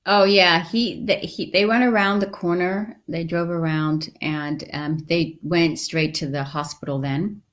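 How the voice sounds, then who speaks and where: A middle-aged woman, a guest in an interview, telling a personal story with animated delivery and acting out the voices in it. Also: on the low side, a little slow, few pauses.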